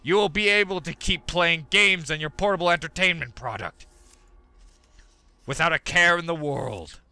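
A stern, controlling captor, read out by a man in a slow, deliberate voice that stays bright and close despite the chill. The delivery is measured and unhurried. It sounds dry, with no room around it. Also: on the high side, vocal fry, no echo, full character voice.

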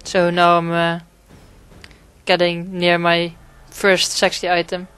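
A man's voice: sits high, completely flat delivery, takes it slowly, a bit bright, clear, resonant tone, soft background music. A man giving casual gameplay commentary, rambling and swearing a lot, with frequent fillers and restarts. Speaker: gaming commentator.

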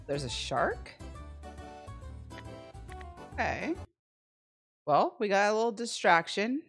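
A woman's voice: mid-range voice, very animated, slow, long pauses. A woman hosting a casual live slot stream from home, playfully chatting and greeting viewers by name. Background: faint slot game music.

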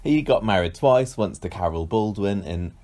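A man with a low voice hosts a relaxed podcast conversation. He jokes around and makes fun of himself as he talks. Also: normal speed. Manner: jokey, self-mocking, tries silly accents. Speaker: podcast co-host. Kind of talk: casual podcast chat.

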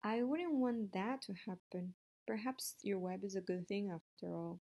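A woman's voice: medium pitch, unhurried, a little mellow. A woman voicing a young male pig in a storybook read-aloud, sounding pleading and dismayed. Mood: relieved. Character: young male pig, earnest and easily upset.

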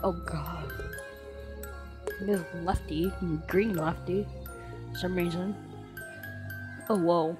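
Woman host, a bit sick, unhurried reaction commentary, bursts of excitement. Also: fairly low pitch, over music. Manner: excitable, exclaims often. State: sick with a cough.

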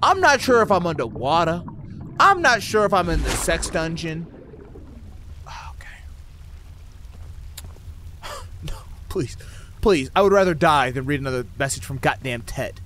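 A man giving profane, incredulous let's-play commentary, ranting loudly at a game. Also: on the high side, sing-song, measured pace, long pauses, a little hiss or hum. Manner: loud, cursing, incredulous rants. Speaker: gaming YouTuber.

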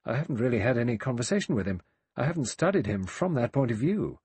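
A man's voice: on the low side, big pitch swings, moderate pace, a little mellow, breathy edge, no echo, heavily acted. A man voicing a worried middle-aged male doctor who speaks hesitantly and doubtfully.

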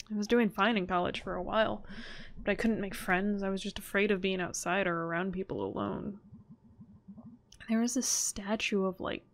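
A woman voicing an anxious young adult female cat, reading game dialogue aloud in a halting, hesitant way. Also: medium pitch, gravelly.

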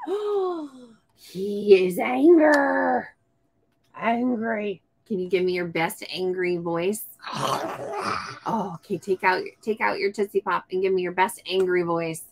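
A woman's voice: mid-range voice, takes it slowly, a little hiss or hum. A woman reading a picture book aloud to a young child, coaxing him with questions and breaking into gasps and exclamations. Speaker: storytime host.

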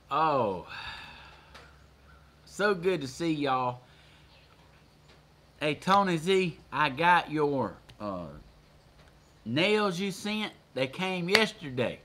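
A man with a Southern US accent hosting a casual livestream, folksy and quick to laugh as he chats with viewers. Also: mid-range voice, a bit bright, a little hiss or hum. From Georgia, USA. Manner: folksy, laughs often, reads out viewer comments. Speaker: livestream host. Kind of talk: casual live chat with viewers.

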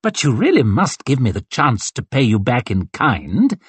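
A man's voice: medium pitch, huge pitch swings, moderate pace, slightly rough, dry recording. A man reading an audiobook, voicing an arrogant, sneering male colonel and swordsman with a mocking, condescending drawl.

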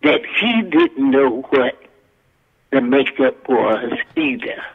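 A woman's voice: extremely low pitch, very animated, takes it slowly, creaky, breathy edge, narrow, tinny audio. An older woman, a guest actress and singer, telling stories from her career in a folksy, country-spoken way. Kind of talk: casual storytelling interview.

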